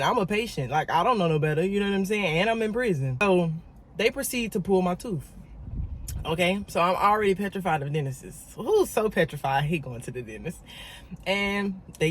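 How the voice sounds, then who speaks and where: A woman telling a story in a casual vlog, emphatic and animated, talking straight to her viewers and repeating words for emphasis. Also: fairly low pitch. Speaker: vlogger.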